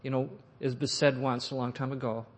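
A man preaching a sermon, reading and expounding scripture earnestly, pushing phrases up and letting them fall soft. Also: medium pitch, little pitch movement, fairly quick. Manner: earnest, rising to emphatic phrases then dropping soft. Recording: echoey hall with long reverb.

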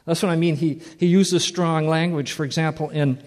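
A man's voice: a little high, fairly even intonation, moderate pace, a little mellow. A man teaching a Bible study in an earnest, plain-spoken way, repeating words for emphasis, in a church hall. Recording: long reverb of a large hall.

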